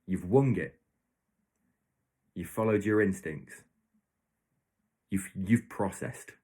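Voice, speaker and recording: Deep voiced guy rambling thru his podcast, lots of restarts. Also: takes it slowly, a little mellow, breathy edge. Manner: rambling, self-correcting, storytelling with hypothetical examples. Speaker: podcast host. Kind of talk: casual solo podcast monologue.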